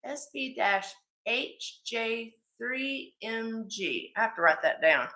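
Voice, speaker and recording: A woman's voice: on the high side, animated, slow pace, bright, forceful tone, roomy sound. A woman hosting a live jewelry sale stream, chatty and affectionate with her viewers, calling them sweetie. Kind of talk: live-stream selling chat.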